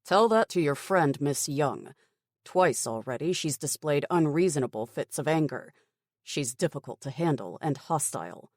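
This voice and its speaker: Brisk, stubborn middle-aged male officer, voiced by a woman for an audiobook; clipped, dismissive delivery, dry close mic. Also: low-pitched, expressive, no echo. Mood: stern. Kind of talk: audiobook character voice.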